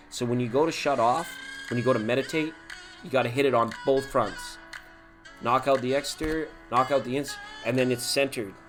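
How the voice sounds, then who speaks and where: A man hosting a live tarot stream in casual chat, talking to viewers by name and laughing often. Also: mid-range voice.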